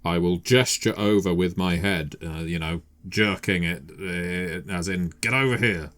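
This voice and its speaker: A man's voice: deep voice, steady tone, a little slow, a bit bright. A man playing in a tabletop roleplaying game, talking hesitantly with many fillers. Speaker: player.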